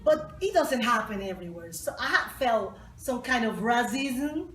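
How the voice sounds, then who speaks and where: A high-voiced woman speaks as a cheerful interview guest. She sounds set back from the mic in an echoey room with faint noise behind her. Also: expressive, moderate pace, far from the mic. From Latin America. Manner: cheerful, laughs readily. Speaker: guest poet. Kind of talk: casual interview.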